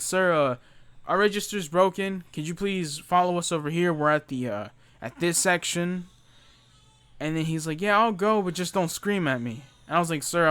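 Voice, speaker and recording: A young man telling a story about a rude customer at work. He sounds exasperated, talks in a quick stream full of fillers, and puts on the customer's voice now and then. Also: fairly high pitch, a bit bright, clear, resonant tone, no room sound. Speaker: retail worker telling a story. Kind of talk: storytime rant.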